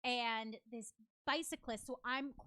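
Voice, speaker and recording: A woman hosting a casual comedy chat, telling stories with animated acted-out quotes. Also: fairly high pitch, slow pace, dry recording, studio quality. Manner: animated storyteller, acts out quotes. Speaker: comedy show host.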